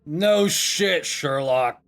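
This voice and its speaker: A man's voice: medium pitch, expressive, slow, slight background noise. A man voicing a grumpy, sarcastic male drow pirate who has just been woken up. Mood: angry. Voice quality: gruff, cursing, sarcastic. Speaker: game master voicing a character.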